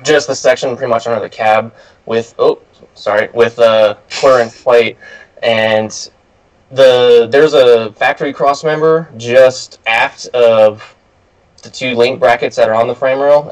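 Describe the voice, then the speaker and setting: A man's voice: medium pitch, rough recording. Male guest, plain-spoken, hesitant explainer. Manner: hesitant, explains with many uhs. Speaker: guest truck builder. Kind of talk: casual chat.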